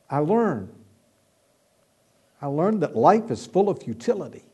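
A man preaching a sermon, emphatic, swelling loud and then dropping to a hush. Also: a little high, big pitch swings, a little slow, long pauses, breathy edge.

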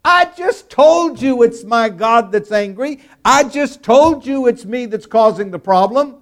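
A man's voice: extremely high pitch, expressive, unhurried, voice pushed up. A man voicing an exasperated male prophet in a sermon, insisting in a raised voice that he is the cause of the trouble. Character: exasperated male prophet confessing his guilt.

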